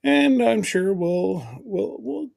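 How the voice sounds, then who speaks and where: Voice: mid-range voice, lively intonation, slow, creaky, a little mellow. A livestream host chatting casually, rambling and laughing often while greeting viewers by name.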